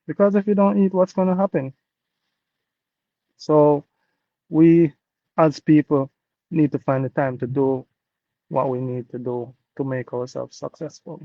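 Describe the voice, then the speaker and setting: A man's voice: a little high, steady tone, measured pace, pauses often, dry recording. A man from Jamaica with a Jamaican accent, a guest sharing his business story in an earnest, repetitive, motivational way on a video call. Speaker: interview guest, business owner. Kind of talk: casual testimonial talk. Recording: dull dry call audio.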